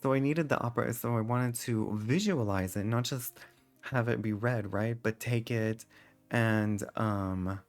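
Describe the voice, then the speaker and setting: A man streaming a game live, talking back to his chat in a sassy, theatrical way, his voice leaping high when he exclaims. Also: measured pace, soft background music.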